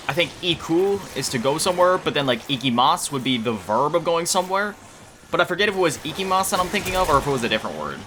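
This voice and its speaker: A gaming YouTuber with a medium-pitched voice chats casually during a video game against a noisy background. He rambles and pokes fun at himself, often trailing off to find words.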